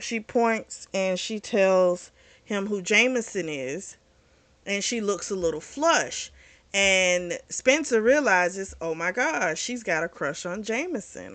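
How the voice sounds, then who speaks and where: A woman's voice: medium pitch, fairly bright tone. A woman hosting a book channel, recapping a novel in a chatty, blunt, sometimes profane way with lots of fillers. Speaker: book review channel host.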